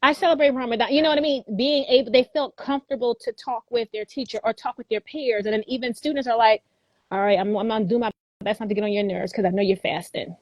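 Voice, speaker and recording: Animated Philadelphia woman telling stories. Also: on the high side, fast, no echo. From Philadelphia, USA. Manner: animated, quotes people in lively voices, laughs often. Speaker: guest educator. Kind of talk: casual storytelling interview.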